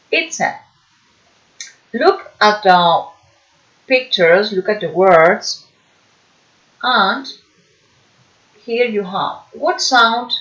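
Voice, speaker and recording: Slow, patient woman teacher. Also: on the high side, a bit bright. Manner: slow and patient, checking understanding with "hmm?". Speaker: English teacher. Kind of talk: online class lesson. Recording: dull lo-fi recording.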